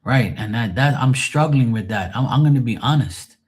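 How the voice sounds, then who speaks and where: A man's voice: medium pitch, lively intonation, moderate pace. A man on a live stream venting in a rambling, emotional monologue, swearing often and sounding drained and sad.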